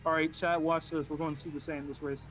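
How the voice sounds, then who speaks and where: A man's voice: on the high side, level tone, brisk, fairly bright tone, lo-fi sound. A man playing alongside friends over voice chat, teasing and nagging, repeating himself. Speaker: fellow player. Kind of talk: casual gaming banter.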